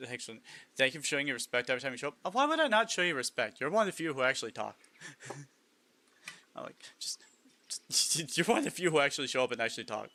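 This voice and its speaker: A man's voice: medium pitch, pushed and bright. A man live-streaming a game in casual chat, reading lists aloud, musing, and chuckling often.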